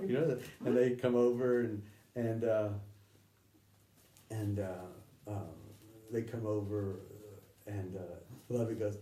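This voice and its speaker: A man speaks to a small gathering at an average pitch, rambling and animated as he tells his story. His voice echoes around the room and is picked up from a distance, with faint noise underneath. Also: moderate pace. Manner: rambling, frequent fillers and restarts, laughing asides.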